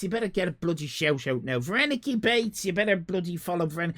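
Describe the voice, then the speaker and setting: Here's a high, slightly bright male voice from Ireland, quick-paced and animated. Chatting loosely to his stream, he wanders from topic to topic, jokes around, and names individual viewers.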